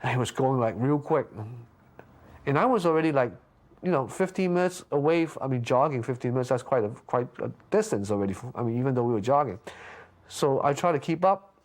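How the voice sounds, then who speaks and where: A man being interviewed, casually telling a story with lots of restarts and stammers, jumping up in pitch when he acts out what people said. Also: a little fast. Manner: lively anecdote with frequent restarts and stammers; acts out quoted lines with big pitch jumps.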